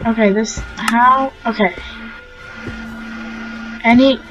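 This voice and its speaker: A young woman hosting a casual let's-play, gushing and excitable as she talks to the animals in the game. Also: a little high, slow pace, muffled recording. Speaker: gaming channel host. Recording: faint game music behind.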